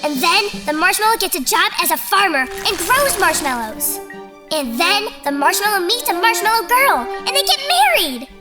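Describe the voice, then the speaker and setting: An excitable childlike puppet, narrating in a very high voice that leaps all over the place. Bursts into eager shouts between bouncy storytelling, with music behind. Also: moderate pace. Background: background music.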